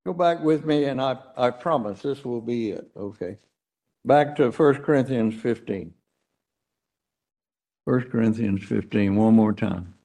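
A man preaching a sermon, swinging from loud declarations to hushed words, then closing in prayer. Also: medium pitch, unhurried. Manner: tells illustrations, acts out quoted voices. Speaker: pastor.

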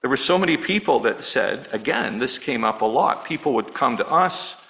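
A middle-aged male pastor preaching a sermon in an earnest, personal way, dropping low and quiet on words of grief. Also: animated, normal speed, gravelly, poor audio. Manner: earnest, personal, softening to near-hush on grief.

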